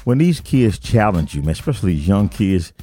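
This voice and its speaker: Slangy St. man, low voice. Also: big pitch swings, fairly quick, dark tone, soft background music. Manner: slangy, rambling, peppered with "man" and "y'all". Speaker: podcast host. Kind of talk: casual storytelling monologue. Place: basement.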